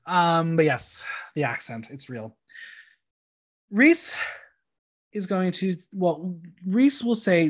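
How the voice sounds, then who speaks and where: A man's voice: fairly high pitch, sing-song, slow pace. A young man hosting a podcast, recapping episodes in a chatty, campy way with frequent ums. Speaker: podcast host recapping a reality show. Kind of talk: casual chat.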